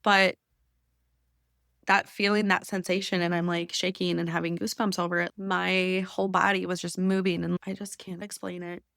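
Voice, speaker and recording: A young adult woman hosting a podcast, telling a deeply personal story in an intimate, emotional way that sometimes drops to a whisper. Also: level tone, normal speed, creaky, fairly bright tone, no echo, studio quality. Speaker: podcast host.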